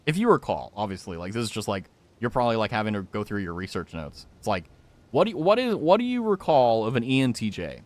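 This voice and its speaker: With a lowish, sing-song voice and a fast delivery, a young man chats with viewers during a game stream. His talk is jokey and wandering, full of spoken reactions to what's happening on screen.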